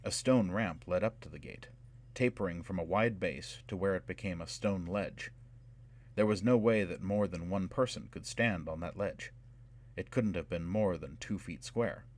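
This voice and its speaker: A man reading a fantasy novel aloud in measured, dramatic scripted narration. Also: sits low, darkish tone. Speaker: audiobook narrator.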